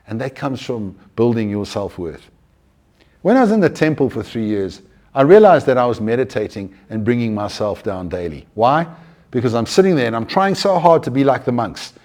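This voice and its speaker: A man giving an earnest, conversational talk on mindfulness, animated and often restarting his sentences. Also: mid-range voice, moderate pace. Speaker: mindfulness speaker.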